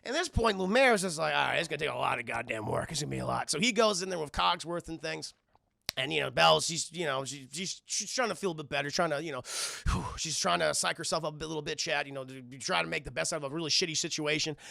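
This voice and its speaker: Brief: male streamer, very gravelly and bright, animated swearing film recap, dry close sound. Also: fairly high pitch, quick pace, no echo. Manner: animated, profane, laughs often. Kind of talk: casual profane film recap.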